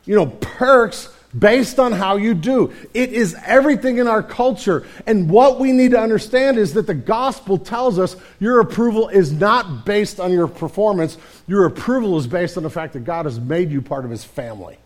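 Conversational preacher man, fairly high voice. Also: expressive, moderate pace, few pauses. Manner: conversational, addresses the congregation directly, often says "man"; repeats words and restarts mid-sentence. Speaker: pastor. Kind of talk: sermon.

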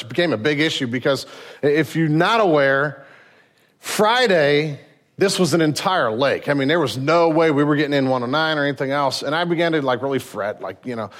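A middle-aged man preaches with earnest conviction to his congregation. His voice sits a little high, drops to a near hush at solemn points and rises again as he presses a point. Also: lively intonation, a little fast. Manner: earnest preaching, swinging from hushed to raised. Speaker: pastor. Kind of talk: sermon.

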